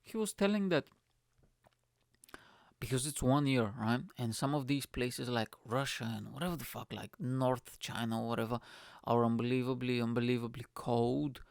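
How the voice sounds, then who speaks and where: Gravelly, profane ranting comedian. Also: male voice, mid-range voice, dry recording, studio quality. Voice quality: profane, fast-swinging rant. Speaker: comedian host. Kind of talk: comedic rant.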